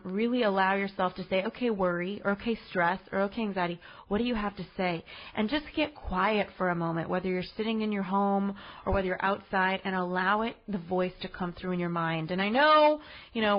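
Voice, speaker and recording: Woman podcast host, late 20s to 30s, earnest encouraging self-help delivery, mid pitch. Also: muffled recording. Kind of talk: solo podcast reflection.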